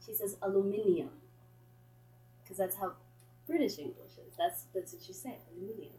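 A young woman from Kenya hosts a podcast in relaxed conversation. Her pitch sits in the middle but swoops widely as she tells stories. She laughs easily and talks with lively energy. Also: fairly quick, slight background noise, low-quality recording. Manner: animated, laughing easily, storytelling. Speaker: podcast host. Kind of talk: casual chat.

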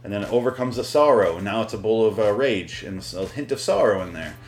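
Rambling low-voiced man reviewing a movie. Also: expressive, fast talker, faint music behind. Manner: rambling, profane, joking. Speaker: podcast host.

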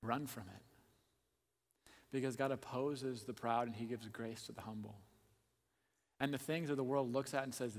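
A man preaching a sermon, asking the listeners direct questions and swinging between hushed asides and loud emphasis. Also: medium pitch, fairly even intonation, moderate pace, pauses often. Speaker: pastor. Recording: long hall reverb.

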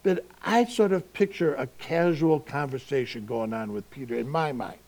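A male pastor giving a sermon in a relaxed, conversational way, asking his listeners rhetorical questions. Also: mid-range voice, normal speed.

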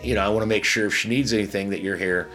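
Man doing brash rowdy gambler guy, sheepish, pleading, low voice. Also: fairly even intonation, racing, a bit bright, soft background music, lightly acted. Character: loud, brash male gambler, tall and rowdy.

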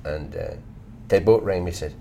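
Blunt Irish man, lively swings in pitch. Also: normal speed, gravelly, slight background noise. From Ireland. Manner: blunt, swears casually, animated storyteller. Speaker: actor, guest. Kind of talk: candid conversational interview.

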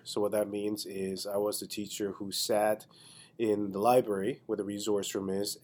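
A man's voice: fairly low pitch, a little mellow. A man hosting his own podcast, telling a casual, chatty story while congested from a cold. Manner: chatty, loose, with frequent "you know" asides. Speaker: podcast host and stand-up comedian.

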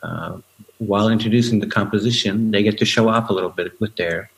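A man's voice: lowish voice, fairly quick, vocal fry, rough recording. A man, a musician guest, in casual conversation, explaining ideas thoughtfully with many hesitations, over a remote call.

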